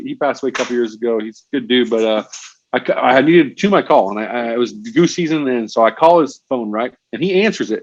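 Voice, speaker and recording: A man talks quickly and animatedly in a casual interview, full of laid-back slang. His voice comes through dull and lo-fi, with a dry, close sound. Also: mid-range voice, no echo. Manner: animated storyteller, frequent "bro" and "man". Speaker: guest, fishing industry professional.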